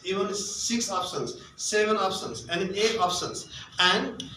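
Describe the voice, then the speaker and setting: A man's voice: high voice, pushed and bright, slight background noise. Echoey Nepali-accented male English tutor. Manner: repetitive, asks rhetorical questions and answers them. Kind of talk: spoken tips lesson. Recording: very echoey room, mic at a distance.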